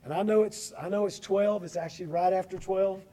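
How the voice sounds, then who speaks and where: A man preaching a Sunday sermon as pastor of his church, earnest and emphatic, slowing down to stress key words. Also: high voice, fairly even intonation, dark tone, low-quality recording. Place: church sanctuary.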